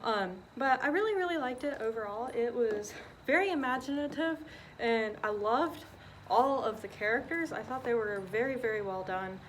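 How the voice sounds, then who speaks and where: A woman's voice: a little high, animated, normal speed, fairly bright tone, slight background noise. A young woman vlogging casually about her reading week, chatty and self-deprecating, swearing now and then. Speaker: book vlogger. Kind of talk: casual vlog chat.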